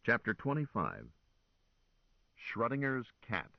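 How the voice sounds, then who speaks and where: A man narrates a novel in a measured, expressive voice. His pitch moves in lively arcs. The recording is very dry and a bit dull. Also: no echo. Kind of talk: audiobook narration.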